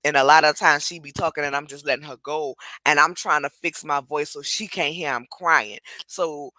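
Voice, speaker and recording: Blunt, bright-voiced woman reviewer. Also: low voice, fairly even intonation, moderate pace, dry recording. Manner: blunt, candid and talkative. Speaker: reality TV reviewer and host. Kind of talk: casual chat.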